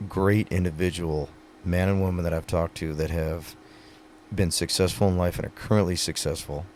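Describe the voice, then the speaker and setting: A man's voice: low-pitched, a little mellow, a little hiss or hum. A man, a retiring pro rodeo athlete, talking earnestly in a casual podcast conversation, telling stories with many fillers.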